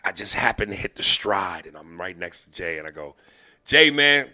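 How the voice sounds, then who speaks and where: A man hosting a podcast, telling profane, animated comic stories and acting out the people in them. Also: low voice, a little fast. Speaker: podcast host. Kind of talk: comedic storytelling.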